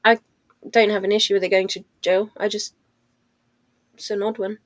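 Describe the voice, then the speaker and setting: A woman's voice: mid-range voice, flat delivery, moderate pace, no room sound. A woman on a football podcast panel, talking things through in a thoughtful, hedging way. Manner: thoughtful, hedging with "I don't know" and "like". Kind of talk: casual chat.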